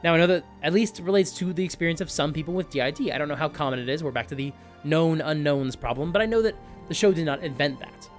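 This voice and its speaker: A man hosting a tabletop gaming video, talking through his thinking in an animated, self-questioning way. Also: a little high, fast talker, few pauses, soft background music. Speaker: YouTube host.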